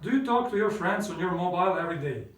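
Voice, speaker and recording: High-voiced man drilling English. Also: expressive, far from the mic. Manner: repeats each question twice, slow and clear, then prompts answers. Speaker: English teacher. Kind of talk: drilled question-and-answer language lesson. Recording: roomy classroom sound from away from the mic.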